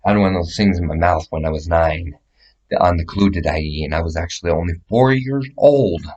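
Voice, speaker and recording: Male, low register, loose and profane, meandering vlog monologue delivered to camera. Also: fairly quick, darkish tone, muffled recording. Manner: profane, meandering, gestures while describing sizes. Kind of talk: rambling casual monologue to camera.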